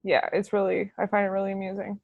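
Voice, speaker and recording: A woman talks casually on a podcast, her mid-pitched voice wandering through ums and likes. The sound is close and dry, with no room around it. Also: quick pace, vocal fry, no room sound, narrow, tinny audio. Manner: relaxed, hesitant, many ums and likes. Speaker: podcast co-host. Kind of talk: casual chat.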